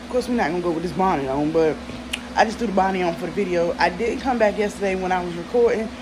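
A young Southern American woman with a fairly low voice talks at a quick pace against a noisy background. A vlogger, she's at home in bed, chatting casually and bluntly to viewers, swearing freely, recorded on her phone.

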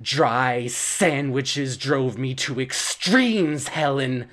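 A man delivering an absurdist comedic monologue, rambling and halting, with stammered restarts. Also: medium pitch, fairly bright tone. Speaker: storyteller.

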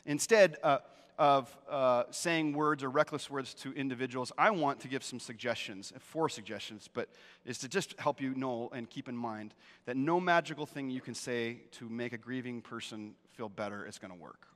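A middle-aged man preaching a sermon in a church sanctuary, his voice set at an ordinary pitch for a man. He speaks emphatically, repeats his key phrases and keeps checking in with the listeners. A long hall reverb trails after his words. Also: moderate pace, fairly bright tone. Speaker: pastor.

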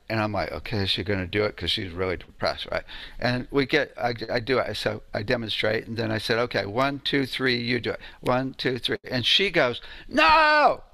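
A man's voice: medium pitch, sharp tone, no echo. A man giving an informal lecture on sound healing, telling stories in a conversational way and often asking "right?".

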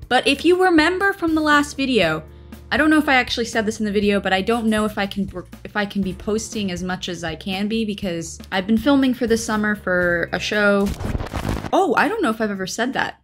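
A woman's voice: mid-range voice, animated, brisk, soft background music. A young adult woman, an actor, casually talking through a reaction to her old show in a rambling way and often correcting herself. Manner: rambling, chatty, with frequent self-corrections.

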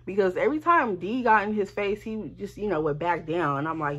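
Woman, storytime vlogger, animated, profane, talks right to the viewers, mid pitch. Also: a little fast, few pauses, slightly rough, lo-fi sound. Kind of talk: casual storytime.

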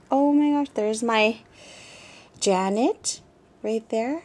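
A woman's voice: a little high, slow pace, pauses often, a little mellow. A young adult woman unboxing a gift on her crafting vlog, gushing and repeating how surprised she is while talking to her viewers. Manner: gushing, repeats "oh my gosh", talks to viewers as "guys". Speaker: crafting vlogger.

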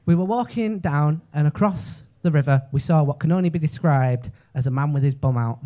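Scouse male stand-up, higher-pitched voice, brash and sweary, fast storytelling on a club stage. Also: dark tone. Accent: Liverpool. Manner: rapid storytelling, peppered with "right?" and swearing. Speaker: stand-up comedian. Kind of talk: stand-up set.

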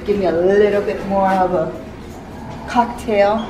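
A woman's voice: mid-range voice, steady tone, measured pace, very noisy. A young woman vlogging casually to camera, talking candidly and chattily and swearing freely. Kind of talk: casual vlog talk to camera.

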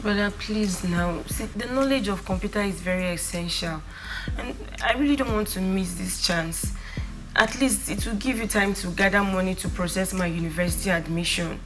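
A woman's voice: medium pitch, normal speed, over music, lightly acted, rough recording. An actress playing a young woman earnestly pleading with her brother for money, with a Nigerian accent. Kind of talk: Nollywood film drama.

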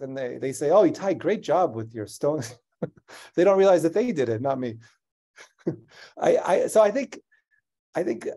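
A male scientist in a conversational interview, telling an animated story and laughing often. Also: medium pitch. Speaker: scientist guest.

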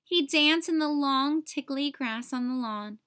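A woman teacher narrating a children's picture book aloud, with expressive storytelling. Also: high-pitched, unhurried. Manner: expressive, sing-song storytelling.

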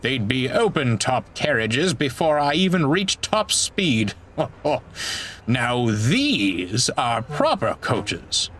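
A man's voice: a little high, expressive, measured pace, few pauses, a bit bright, a little hiss or hum, pitched above the performer's own voice. A man voicing a pompous, proud big male express engine for a storybook, talking in a haughty, grumbling way. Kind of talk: storybook voice acting.

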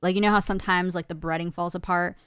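A woman's voice: on the low side, fairly even intonation, fast talker, clean tone, no room sound, studio quality. A woman co-hosting a casual panel chat, blunt and outspoken with her opinions. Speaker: co-host.

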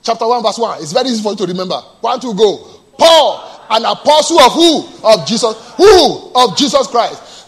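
A male pastor preaching a sermon, asking the congregation to answer and moving between quiet storytelling and loud bursts. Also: very animated, moderate pace, few pauses, slightly rough. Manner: call-and-response preaching, asks the congregation to answer; drops to a low soft storytelling voice, then bursts out loud.

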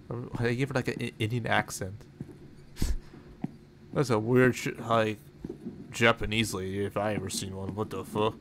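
A man with a fairly low voice talks his way through a horror game in loose, offhand commentary. He swears freely and drifts from one thought to the next. A steady bed of game ambience sits clearly under his voice. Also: moderate pace, pauses often, background noise. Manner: rambling, profane, offhand. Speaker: gaming channel host. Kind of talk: casual let's-play commentary.

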